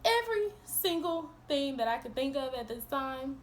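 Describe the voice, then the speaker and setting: A young woman in a storytime vlog, retelling events in an animated, profane, exasperated way, breaking into laughs. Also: high-pitched, normal speed, very noisy. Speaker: vlogger.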